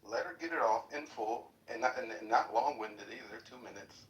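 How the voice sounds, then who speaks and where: A man talking in a measured, persuasive way during a live debate on an audio chat app. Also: mid-range voice. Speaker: participant urging calmer dialogue. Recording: echoey, distant livestream audio.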